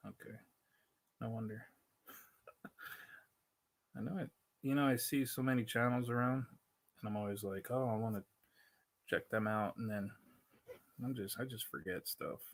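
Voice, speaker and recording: Hosting a casual livestream into his laptop mic, a man with a Spanglish accent rambles, interrupts himself, and frequently laughs. His voice is fairly low with fairly even intonation, at normal speed with long pauses.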